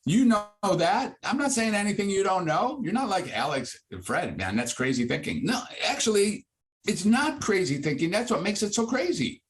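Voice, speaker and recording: A man in his sixties, a psychiatrist, talking freely in an interview and rising to high, lively bursts when he makes a point. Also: normal speed. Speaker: psychiatrist guest. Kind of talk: conversational interview.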